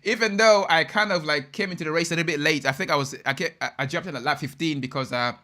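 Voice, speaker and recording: Excitable young man, bright voice. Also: fairly high pitch, fast. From United Kingdom. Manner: excitable, slangy, chatty with viewers. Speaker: live stream host. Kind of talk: live race watch-along commentary.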